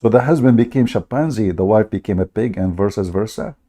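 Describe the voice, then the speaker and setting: A man's voice: fairly low pitch, brisk, mellow. A man hosting a live stream, talking in a sarcastic, mocking way and often laughing.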